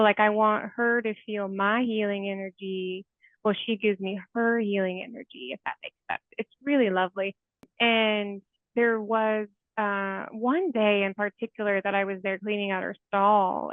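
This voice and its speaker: A woman's voice: medium pitch, steady tone, normal speed, dry recording. A therapist in her forties, a woman, speaking as an interview guest in an earnest, heartfelt way, with many "like" fillers. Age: 40s. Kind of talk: conversational interview storytelling. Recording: tinny phone-like remote call audio.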